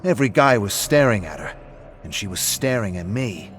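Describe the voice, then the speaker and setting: A loud, defensive drunk who snaps back hard when pushed, as a man reads him out in a story. The voice is pitched well up from a low base and comes out clipped and forceful. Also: very animated, normal speed, soft background music. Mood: boastful. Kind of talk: audiobook-style story reading.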